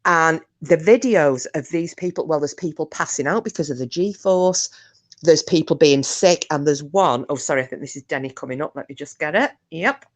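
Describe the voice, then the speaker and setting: Woman stream host, lowish voice, rambling anecdotes, swears casually. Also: moderate pace. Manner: chatty storytelling, frank swearing. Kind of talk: casual chat.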